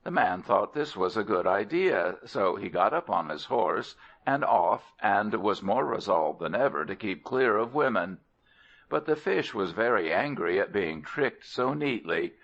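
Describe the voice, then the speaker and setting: A man reads a folk tale aloud in a slow, measured storybook style. His low voice has a lively, expressive rise and fall. The recording is dull and lo-fi. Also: creaky. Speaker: audiobook narrator. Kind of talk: storybook narration.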